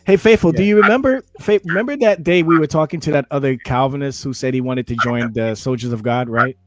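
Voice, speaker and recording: A man's voice: mid-range voice, fast talker, no echo, faint music behind. A man hosting a casual group voice chat on his stream, easygoing and often restarting his words. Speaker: stream host.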